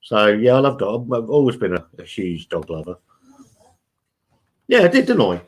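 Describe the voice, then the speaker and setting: A man's voice: on the low side, wildly swooping pitch, moderate pace. A man hosting a casual live stream from home, reading out chat messages in a chatty, blunt, sweary way and calling everyone mate.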